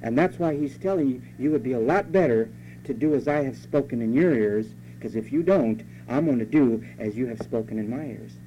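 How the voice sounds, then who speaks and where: A man's voice: mid-range voice, brisk, warm tone. Emphatic preacher man, lo-fi hum. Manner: emphatic preaching, repeats key phrases, rhetorical questions. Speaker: pastor. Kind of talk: sermon. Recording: dull lo-fi sermon recording with faint hum.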